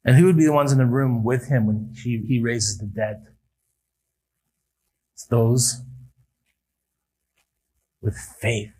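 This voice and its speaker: Male pastor, mid pitch, sermon delivery with emphatic rises and quiet landings. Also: fairly even intonation, slow, long pauses, husky, rough recording. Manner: preaching with rising emphatic appeals and quiet drops. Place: church service.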